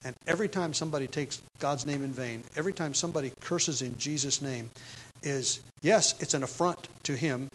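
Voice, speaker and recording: A man preaching an expository sermon, stressing key words loudly and then dropping to quiet asides. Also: medium pitch, fairly quick, slight background noise, low-quality recording. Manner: emphatic, swings between loud stresses and quiet asides; repeats key words for emphasis.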